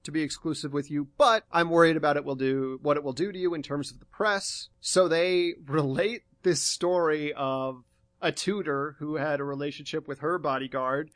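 Slightly high-voiced young man recapping. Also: normal speed, no echo. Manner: relaxed, meandering recap with fillers. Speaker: podcast co-host. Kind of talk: casual chat recapping a TV episode.

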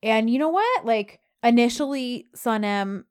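A woman in casual chat, recapping a drama and acting out the characters' lines with big jumps in pitch. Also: animated, unhurried, clear, resonant tone.

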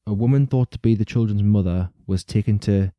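Deep, mellow-voiced man chatting on a podcast. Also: brisk, no room sound, dull audio. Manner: rambling, laughs often, swears casually. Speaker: podcast host. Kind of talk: casual true-crime podcast chat.

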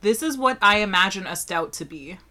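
Young woman co-host, bright and crisp in tone, wry, laughs a lot. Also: medium pitch, expressive, fairly quick. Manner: wry, laughs often, swears. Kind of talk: casual chat, beer tasting.

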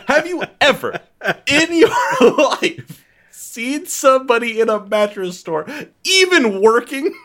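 A man's voice: very high-pitched, wildly swooping pitch, slow, long pauses, sharp tone. A young man co-hosting a podcast in casual comedic chat, loose and playful, laughing often. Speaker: podcast co-host.

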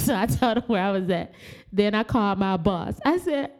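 Lively, high-voiced woman storyteller. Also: normal speed. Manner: lively, dramatic, shouts out quoted lines. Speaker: storyteller recounting a family story. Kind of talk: casual storytelling chat.

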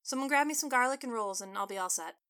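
A woman voicing a busy, testy female cook who speaks in a brisk, matter-of-fact way. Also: a little high, lively intonation, bright, forceful tone, voice pushed up.

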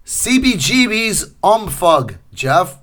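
A man's voice: high-pitched, sing-song, a bit bright. Easygoing man, casual podcast chat. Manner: easygoing, laughs often, drawn-out trivia setups. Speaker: podcast co-host.

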